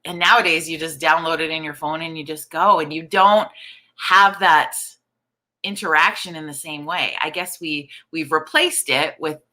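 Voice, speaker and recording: A woman in her forties hosting a live online coffee chat, chatty and upbeat, greeting viewers and chatting with a croaky morning voice. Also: low-pitched, normal speed, bright, forceful tone. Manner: chatty, upbeat, reads viewer comments aloud. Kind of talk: casual live-stream chat.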